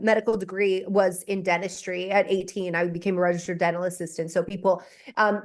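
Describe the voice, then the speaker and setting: A woman in her forties, a hormone expert, speaking in an animated podcast conversation, emphatic and laughing often. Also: mid-range voice. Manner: emphatic, explains with frequent "okay?" asides and laughter.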